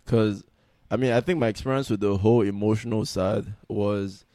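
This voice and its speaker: A man's voice: on the low side, moderate pace, no room sound, clean studio sound. A man from Nigeria hosting a casual podcast chat, telling stories with lots of laughter. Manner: laughing, animated storytelling. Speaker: podcast host.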